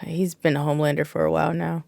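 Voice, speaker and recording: Brief: female podcast co-host, deadpan teasing, gravelly voice, dry close sound. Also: deep voice, quick pace, no echo. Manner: dry, teasing, matter-of-fact. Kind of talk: casual wrestling chat.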